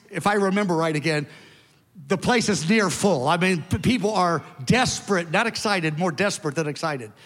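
A man in his seventies preaching a sermon to his church, telling a story in an animated, emphatic way with conversational asides. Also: high voice. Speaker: pastor. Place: large church hall. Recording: long hall reverb.

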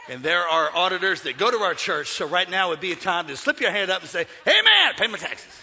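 A man preaching a sermon in a church, joking with the congregation and swinging between shouting and hushed asides. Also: sits high, fast talker, big-room sound. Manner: humorous, conversational preaching. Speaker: pastor. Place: church sanctuary.

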